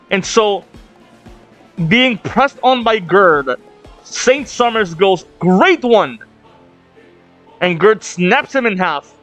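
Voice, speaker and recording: A man hosting a manga reaction video, reading panels aloud with sudden excited outbursts. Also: extremely high pitch. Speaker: reaction channel host. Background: faint drum music.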